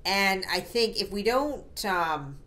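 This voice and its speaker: A woman's voice: medium pitch, lively intonation, takes it slowly, bright, forceful tone. Woman co-host, mid-range voice, easy conversational delivery. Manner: conversational, with a habit of saying "right?". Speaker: podcast co-host. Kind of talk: casual chat.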